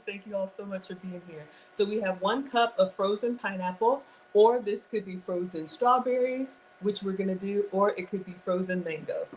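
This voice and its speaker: This Ghanaian woman in her forties hosts a casual cooking stream from home, chatty and self-deprecating as she greets viewers and reads their comments. Her voice is medium in pitch, and the background is noisy.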